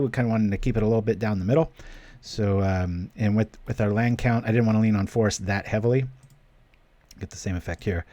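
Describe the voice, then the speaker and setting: A man with a fairly low voice runs a card-game stream, talking through each play in a loose, chatty way. He thinks aloud and drops in playful little exclamations as he goes. The sound is close and dry, with no room echo. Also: warm tone. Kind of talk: casual live commentary while playing a card game.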